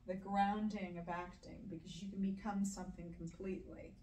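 A woman's voice: medium pitch, little pitch movement, moderate pace, warm tone, slight background noise. A woman, an actress guest on a podcast, talking in a chatty, rambling way. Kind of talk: casual podcast chat. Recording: echoey room, mic at a distance.

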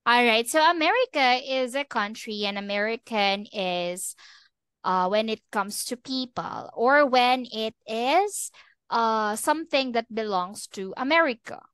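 A woman English teacher giving a slow, patient online lesson over a video call. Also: a little high, animated, fairly bright tone, clear, resonant tone, no room sound.

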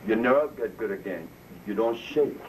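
A man's voice: on the low side, lively intonation, normal speed. Man telling stories to a live audience. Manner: storytelling, laughs at his own jokes, acts out quoted voices. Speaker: speaker addressing a live audience. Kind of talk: informal health talk to an audience. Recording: distant mic with faint noise.

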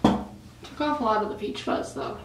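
A woman's voice: medium pitch, big pitch swings, normal speed, far from the mic, very noisy. A young woman vlogging in a casual, rambling way, full of "like" and "um", breaking off mid-sentence. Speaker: beauty vlogger. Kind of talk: casual rambling chat to camera. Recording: roomy echo, voice off-mic.

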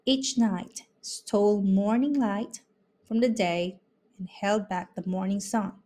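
A woman reading a children's picture book aloud in an expressive, unhurried way. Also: medium pitch. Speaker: storybook reader. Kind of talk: children's read-aloud narration.

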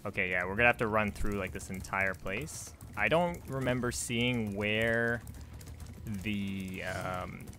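A man's voice: lowish voice, measured pace, sharp tone, a little hiss or hum. A young man commenting casually on his video game playthrough, chatty and easily distracted. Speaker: gameplay streamer. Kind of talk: casual let's-play commentary.

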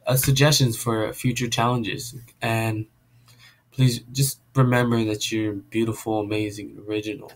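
A man hosting his own vlog in a casual, goofy and self-deprecating way. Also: fairly low pitch. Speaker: vlogger.

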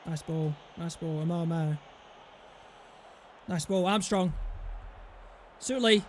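Reacting to a football manager game, this young YouTuber speaks in a slightly high voice, taking it slowly and pausing often. He curses nonstop and swings between panic and screaming delight; faint background noise is present.

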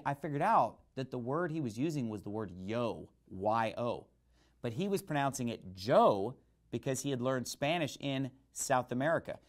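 A male pastor preaching a sermon emphatically, asking and answering rhetorical questions. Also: medium pitch.

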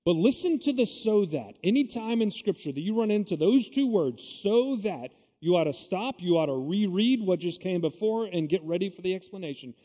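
A man's voice: sits high, expressive, a little fast, few pauses, dark tone. A man preaching a sermon as pastor, in a conversational and emphatic way, with casual asides to the congregation. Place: church sanctuary. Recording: long reverb of a church hall.

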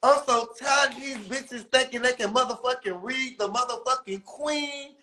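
High-voiced man ranting profanely. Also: normal speed, pushed and bright, poor audio. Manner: profane, exaggerated ranting, mocking falsetto impressions. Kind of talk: comedic rant.

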